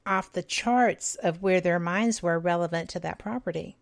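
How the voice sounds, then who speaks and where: A woman's voice: fairly low pitch, normal speed, gravelly. A woman hosting a radio talk show, chiming in with brief encouraging interjections.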